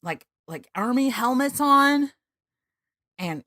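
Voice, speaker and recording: A woman's voice: slow, dry recording, studio quality. A woman hosting a podcast, chatting casually and with animation as she recaps a TV episode and breaks into giggles. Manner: giggly, animated, quotes characters in high voices. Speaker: podcast host.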